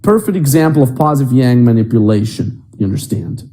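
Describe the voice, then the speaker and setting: A man's voice: medium pitch, expressive, a little fast, warm tone. A young adult man coaching other men on dating in a blunt, emphatic and profane way. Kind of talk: coaching monologue.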